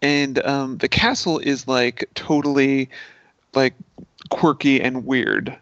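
A man's voice: mid-range voice, steady tone, slow pace, a bit bright, no room sound. A man chatting casually on a podcast as a guest, gushing and laughing often. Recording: dull, dry sound.

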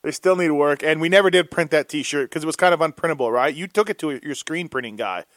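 A man's voice: fairly high pitch, quick pace, a bit bright, no room sound. A man hosting a podcast in casual banter, teasing his co-hosts and laughing often. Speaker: show host.

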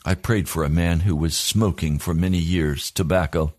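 Earnest low-voiced male preacher. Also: fairly even intonation, normal speed, darkish tone, no room sound, studio quality. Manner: earnest, emphatic, repetitive preaching cadence. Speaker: pastor. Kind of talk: sermon.

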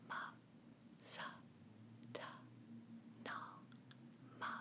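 A woman guides listeners through a meditation at an unhurried, deliberate pace. Her voice is breathy and sits a little low, and she chants the syllables in a steady, soothing rhythm. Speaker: podcast host leading a meditation.

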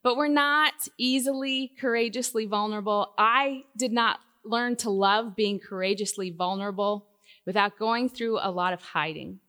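Lively woman speaker in a reverberant hall. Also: moderate pace. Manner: lively storytelling, swinging from loud emphatic bursts to hushed lows. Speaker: Christian speaker. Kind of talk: sermon talk to a live audience.

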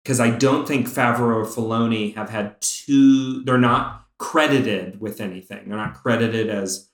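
A man in a casual podcast chat, speaking at a middle pitch with plenty of eager energy. His pace surges and then slows as he gets excited. The room gives his voice a noticeable echo. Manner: excited fan, speeds up and slows down. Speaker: podcast co-host. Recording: roomy echo.

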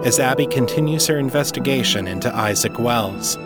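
A man who is an author and podcast host, reading his fiction in a measured, deliberate way. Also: medium pitch, over loud music. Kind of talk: scripted fiction narration.

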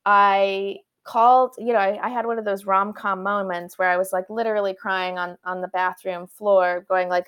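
A woman from Canada speaks as a guest author on a conversational show. Her pitch sits in the middle range for a woman. She tells her story in animated bursts and often restarts her sentences. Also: brisk, clear, resonant tone. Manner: animated, tumbling retellings with frequent restarts.

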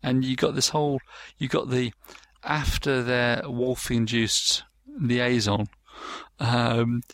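A man with a gravelly, creaky voice chats casually, rambling through fillers and false starts as he acts out bits of dialogue. His voice sits at a middling pitch and sounds close and dry, with no room around it. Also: flat delivery, slow pace, a bit bright, dry recording. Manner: rambling, many fillers and restarts, acts out quotes. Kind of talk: casual chat.

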